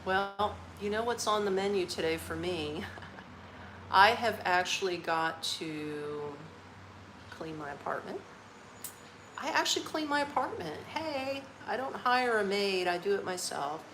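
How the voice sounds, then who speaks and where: A woman vlogger telling a story in casual chat, animated and laughing, mimicking honks and voices. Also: medium pitch, unhurried, slight background noise. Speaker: travel vlogger. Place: apartment in Cambodia. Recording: roomy echo with faint ambience.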